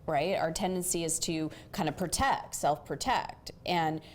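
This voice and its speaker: A woman with a somewhat low voice explains a relationship lesson in a coaching tone, often checking in with "right?". A faint noise sits under the recording. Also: a little slow. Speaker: host, coach.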